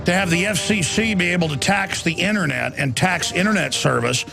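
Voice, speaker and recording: A man, hosting a talk radio show and ranting angrily about government spending, at times breaking into furious shouts. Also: sits high, brisk, gravelly, music in the background. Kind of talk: angry talk radio rant.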